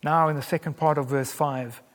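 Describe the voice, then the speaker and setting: A man preaching a sermon in an earnest, emphatic way, pressing on key words and letting others fall soft. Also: a little high, fairly even intonation, moderate pace, in a large hall. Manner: earnest, emphatic, with wide swings in loudness.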